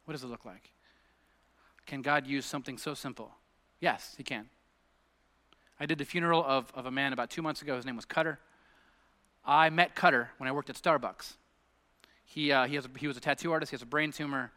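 A man's voice: mid-range voice, brisk, long pauses, sharp tone. A middle-aged man preaching a sermon as pastor, telling stories conversationally and building to emphatic peaks. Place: church sanctuary. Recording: long hall reverb.

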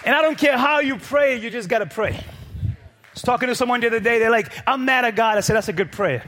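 A man preaching a sermon to a congregation, building from quiet, low lines to loud, shouted peaks with rhythmic repetition. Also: brisk, some chatter behind, a little hiss or hum. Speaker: pastor. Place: church.

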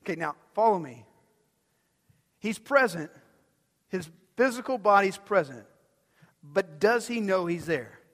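A male pastor preaching a sermon in a conversational way, often asking the audience if they are following, swinging between loud emphatic lines and soft low ones. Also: lively intonation, measured pace, long pauses. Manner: conversational, asks the audience questions. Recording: long hall reverb.

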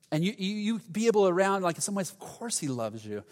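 A man's voice: sits high, big pitch swings, fast, hardly any pauses. Man preaching in an echoing hall. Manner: earnest, conversational preaching with acted-out quotes. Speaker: pastor. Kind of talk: sermon. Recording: reverberant hall.

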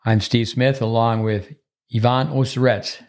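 A man's voice: mid-range voice, steady tone, unhurried, darkish tone. A man hosting a tennis podcast, talking in a chatty, loose, rambling way while introducing a guest. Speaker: podcast host. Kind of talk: casual podcast chat. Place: resort.

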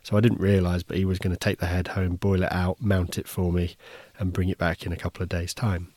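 A man with a low, darkish voice and little pitch movement talks briskly as a podcast host. He recounts a casual first-person story with an easygoing, wry air, regularly breaking off and restarting his sentences.

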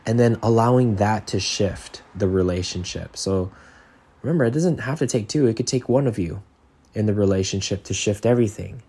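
Husky-voiced man hosting a podcast. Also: fairly low pitch, moderate pace, warm tone. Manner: earnest, rambling with frequent "like" and restarts. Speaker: podcast host. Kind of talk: casual podcast monologue.

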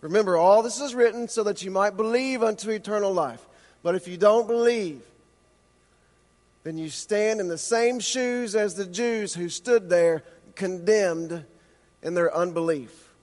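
High-voiced man preaching in a reverberant hall. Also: darkish tone. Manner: impassioned preaching, rhetorical questions, slows for emphasis. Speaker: pastor. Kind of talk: sermon.

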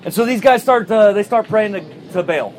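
Animated, high-voiced male preacher. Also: a little fast, slight background noise. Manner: animated storyteller acting out the characters' voices. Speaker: pastor. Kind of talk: sermon retelling a Bible story.

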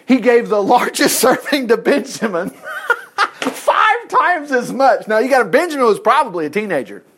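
A man preaching and retelling a Bible story in a playful, animated way, laughing often and acting out the characters' lines. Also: very high voice, normal speed, slight background noise. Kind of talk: sermon-style Bible storytelling.

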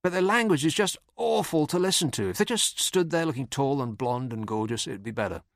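A man's voice: medium pitch, brisk, dry recording. A man hosting a podcast, delivering a dry, sardonic scripted comic monologue. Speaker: podcast host.

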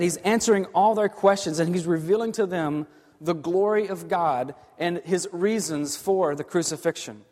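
A man preaching a sermon as a pastor, earnest, moving from hushed lines to emphatic ones. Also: sits high, moderate pace. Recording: long hall reverb.

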